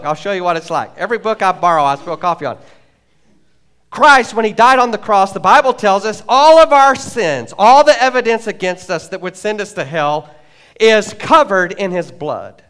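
A male pastor delivering a lively sermon from the church floor, his voice sitting high for a man. He swings between loud, excited stretches and quiet, low asides, with playful jokes and acted-out lines. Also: clear, resonant tone. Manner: animated, jokey preaching with acted-out quotes. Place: church sanctuary.

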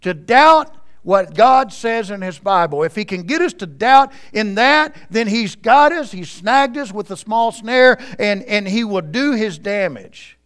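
Male pastor, high-pitched, earnest sermon, speaks straight to the congregation at a church service. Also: expressive, measured pace, fairly bright tone, clear, resonant tone. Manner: earnest, addresses the congregation directly.

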